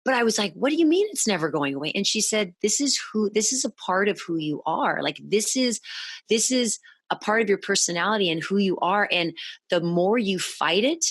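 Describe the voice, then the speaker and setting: A woman's voice: mid-range voice, expressive, a bit bright, breathy edge, no room sound. Candid woman telling her story, dry sound. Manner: halting, restarts often, quotes her past self. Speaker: podcast guest. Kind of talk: candid conversational interview.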